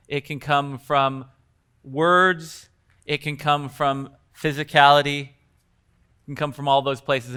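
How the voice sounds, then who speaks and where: A man's voice: on the high side, sharp tone, clean tone. A man teaching coaches at a live workshop in a conversational way, acting out bits of example dialogue. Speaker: coaching trainer.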